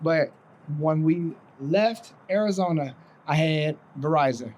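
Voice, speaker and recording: A man's voice: on the high side, takes it slowly, slight background noise, low-quality recording. A man in his forties, a podcast co-host, telling a long, profane story in casual chat. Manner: profane, animated storyteller acting out voices.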